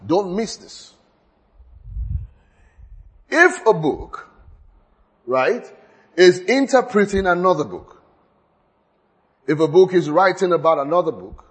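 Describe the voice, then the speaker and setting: A man leads a Bible lesson from the front, in a voice pitched a little on the high side. He stresses his main points by saying them twice and often restarts a sentence partway through. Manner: repeats key points, stammers and restarts, laughs at own slips. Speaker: Bible teacher. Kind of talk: teaching sermon.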